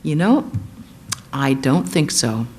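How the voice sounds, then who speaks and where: A man's voice: medium pitch, big pitch swings, slow, a little mellow, slightly rough, voice pushed down, full character voice. A woman voicing a doubtful monkey hero. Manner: sceptical, plain-spoken. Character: mighty male monkey general, doubtful and awed.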